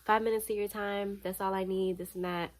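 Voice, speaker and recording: A woman's voice: mid-range voice, little pitch movement, a little fast, lightly acted. A woman quoting an eager, persistent young man who pleads and insists as he chases her. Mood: pleading.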